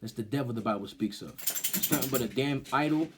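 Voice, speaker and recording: A man teaching scripture with blunt, fiery emphasis. His voice sits at an ordinary middle pitch, and he climbs louder and higher when he gets heated. He keeps tossing in "right?" and tripping over repeated words. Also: a little fast, background noise. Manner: grows loud and high when heated. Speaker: street-style Bible teacher.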